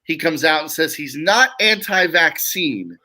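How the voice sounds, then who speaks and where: Guy on a sports podcast making his case, high bright voice that jumps around a lot. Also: lively intonation, unhurried. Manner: argumentative, emphatic. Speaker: podcast co-host. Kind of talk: casual sports chat.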